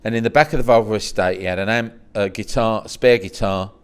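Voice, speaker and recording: A middle-aged English man with a fairly low voice tells stories from his past in a relaxed interview. He acts out the dialogue, his voice leaping up in pitch for his own quoted lines. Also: fast, smooth. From England. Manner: animated anecdotes, swooping up high when quoting himself. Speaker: podcast guest. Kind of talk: storytelling in a casual interview.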